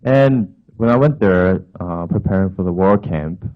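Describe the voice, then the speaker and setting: A man's voice: deep voice, unhurried. A man preaching in a conversational storytelling way, telling a personal anecdote with frequent asides. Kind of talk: storytelling sermon. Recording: tinny phone-like sound.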